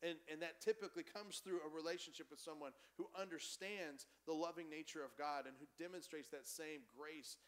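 A man preaching a conversational, animated sermon as pastor in a church. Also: fairly high pitch, brisk, hardly any pauses. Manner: animated, conversational preaching, acts out quoted voices.

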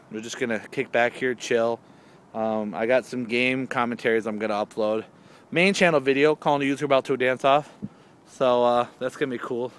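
A man vlogging outdoors in a yard, rambling in a goofy, casual way and talking to his cat in a high, excited voice now and then.

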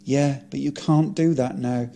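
A man reading his own script aloud, narrating and voicing dialogue with deadpan, blunt comic asides. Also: medium pitch, unhurried, vocal fry, a little hiss or hum.

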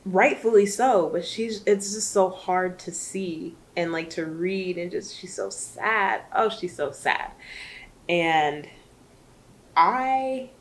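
A woman's voice: on the low side, takes it slowly. A woman reviewing a book in casual chat, chatty and emotional, rambling with lots of fillers.

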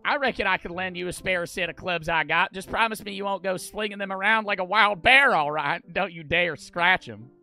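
A man putting on a loud country drawl to voice a folksy older male golfer. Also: high-pitched, a little fast, hardly any pauses, soft background music, heavily acted. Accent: put-on American country drawl. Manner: loud, twangy, hammy.

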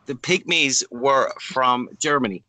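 A man's voice: mid-range voice, unhurried, no echo. An Irish man trading absurd jokes in casual comedic banter as a podcast co-host. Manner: absurd deadpan improvising, mock authority.

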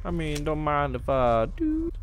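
A man commentating a game as host, excitable and jokey, swearing and making mouth sound effects. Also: on the high side, a little slow, slight background noise. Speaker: gaming host. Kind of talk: let's play commentary.

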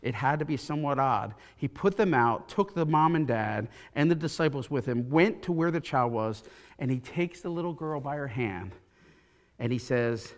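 A man preaching a sermon from a church pulpit, retelling a scripture story with animated, acted-out quotes. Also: mid-range voice, moderate pace. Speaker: pastor. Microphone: pulpit mic.

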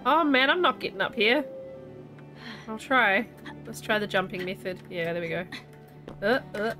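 A woman's voice: a little high, expressive, measured pace, pauses often, pushed and bright, faint music behind. A woman streaming a video game, chatting casually and animatedly with a questioning lilt.

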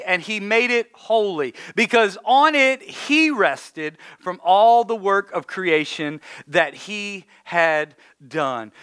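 A man in his thirties preaching a playful, jokey sermon as a pastor, drawing the congregation into call-and-response and acting out shouting at his young kids. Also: sits high, smooth.

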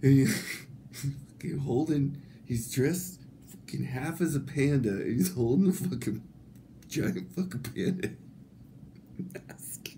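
A man with a gravelly, dark voice tells a rambling comic story at an unhurried pace. He keeps stumbling over his own words and laughing through them. His speech is loose and full of casual swearing. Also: mid-range voice, expressive, a little hiss or hum. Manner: halting, many restarts.

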